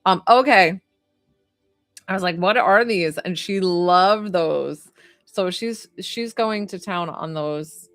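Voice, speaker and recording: A woman's voice: lowish voice, slow pace, dry recording, soft background music. A young adult woman doing a psychic reading on a casual livestream, talking in a chatty, emotional way with lots of fillers.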